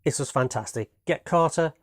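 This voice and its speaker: A man's voice: fairly high pitch, normal speed, no echo, clean studio sound. A man from Britain casually reviewing his latest home movie watches, rambling and enthusiastic, peppering his talk with "man" and "you know what I mean".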